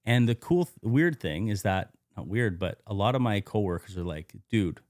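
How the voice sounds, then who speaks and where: Man, podcast guest, low voice, candid storyteller, swears a lot, dry close mic. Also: lively intonation, moderate pace, a little mellow, no echo. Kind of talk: casual storytelling interview.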